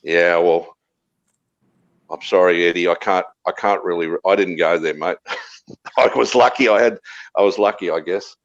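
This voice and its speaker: On a livestream, a low-voiced man with an Australian accent chats casually at normal speed, pausing often, while loud music plays in the background and the high frequencies are cut off. He's profane and blustering and keeps repeating his points.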